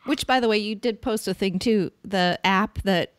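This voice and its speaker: A woman's voice: medium pitch, normal speed, clean tone, dry recording, studio quality. Blunt, opinionated woman podcast host. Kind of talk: casual political chat.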